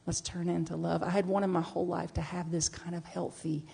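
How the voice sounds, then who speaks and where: Gravelly woman preaching a sermon. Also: lowish voice, a little fast. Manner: animated storytelling, shifting from hushed reflection to playful bursts. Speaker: minister. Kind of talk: conversational sermon.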